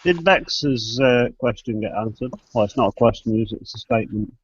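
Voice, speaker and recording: A man's voice: medium pitch, lively intonation, a little fast, slightly rough, no echo. A man in a casual group chat giving blunt, opinionated views. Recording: dull lo-fi call audio.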